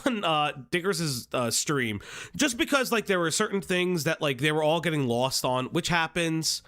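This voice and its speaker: A man's voice: a little high, bright, forceful tone. A man hosting a commentary stream, telling a story in casual chat, laughing often mid-sentence and swearing a lot. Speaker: stream host.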